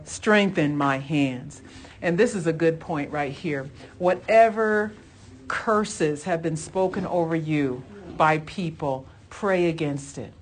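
A woman with a fairly low voice leads a church Bible lesson. She is fervent and emphatic and talks conversationally, with asides and restarts, calling out praise between points. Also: slow. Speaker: Bible study teacher.

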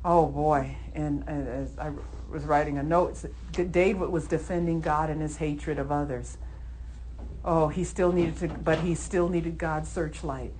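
A woman preacher giving a Sunday sermon, emphatic, acting out heated prayers and then settling into calm teaching. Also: low voice, measured pace, slight background noise. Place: church service.

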